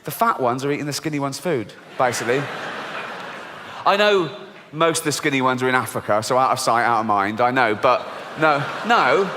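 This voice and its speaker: British comedian, mock-outraged and lively. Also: male voice, mid-range voice, normal speed. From Britain. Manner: mock-outraged, sarcastic, swearing. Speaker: stand-up comedian. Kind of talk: stand-up comedy. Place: large theatre stage. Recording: live theatre reverb with audience noise.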